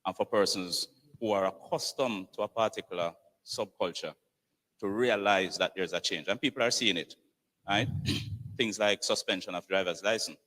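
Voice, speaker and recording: A man's voice: fairly low pitch, normal speed, fairly bright tone, big-room sound, recorded from a distance, low-quality recording. Hesitant man answering from a panel. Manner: hesitant, many fillers and repeats. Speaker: police commissioner. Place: conference hall.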